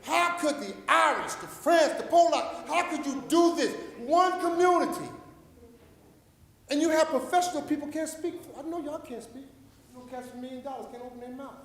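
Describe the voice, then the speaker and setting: A man from Paterson, New Jersey, giving an impassioned, preacher-like public comment at a city council meeting, rambling and fervent, with loudness that swells and drops. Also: extremely high pitch, normal speed. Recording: echoey council chamber with long reverb.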